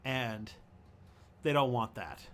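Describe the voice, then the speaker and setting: A man hosting a casual livestream, reading out viewer questions and answering them as he goes. He talks in halting bursts and circles back to restart his sentences. His voice sits in an ordinary middle pitch. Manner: thinks aloud, halting, with many fillers and restarts.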